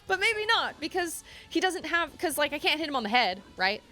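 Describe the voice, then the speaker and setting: A young woman streaming a video game, thinking out loud and often restarting her sentences with self-deprecating remarks. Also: high-pitched, very animated, normal speed, faint music behind. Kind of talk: live game stream chat.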